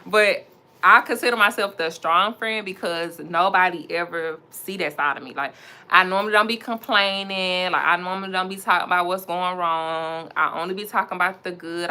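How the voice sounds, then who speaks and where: A woman's voice: fairly low pitch, brisk, sharp tone. A young woman, chatting casually and animatedly to her viewers on a livestream, laughing often. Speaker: entrepreneur livestreaming while styling a wig.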